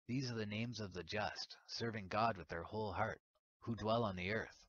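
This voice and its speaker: A stern, solemn angel explains heavenly places in a grave, instructive tone, read by a man. The voice is very low. The recording sounds dull and lo-fi. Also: steady tone, moderate pace, a bit bright, slight background noise, close to an everyday voice.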